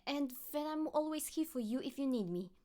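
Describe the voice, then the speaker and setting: A woman's voice: sits high, animated, brisk, warm tone, voice pushed up. A woman reading aloud and voicing a teenage girl who is caring, earnest and worried for her friend.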